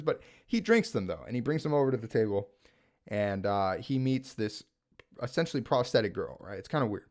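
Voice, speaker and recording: A man talking at home, recapping and reviewing a TV series in an animated, rambling way, full of "like" and "right?". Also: fairly low pitch, a little fast. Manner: animated, rambling, filler-heavy with frequent "like" and "right?". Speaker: gaming video creator reviewing a TV series. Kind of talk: casual spoken recap and review.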